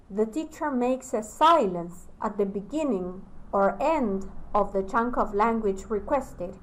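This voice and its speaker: A woman whose first language is Spanish, giving a recorded lecture to teacher trainees. She talks slowly and deliberately, pausing between phrases. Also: on the high side, rough recording.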